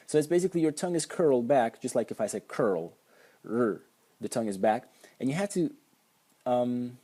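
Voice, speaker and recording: A man's voice: mid-range voice, lively intonation, moderate pace, warm tone. A man teaching pronunciation at a whiteboard, patiently repeating sounds for the learner. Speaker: language teacher.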